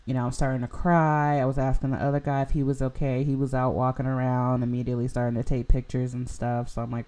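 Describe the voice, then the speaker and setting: A woman's voice: very deep voice, flat delivery, brisk, warm tone. A young woman hosting a podcast, telling a personal story in a casual, rambling way full of "like" and "you know". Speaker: podcast host.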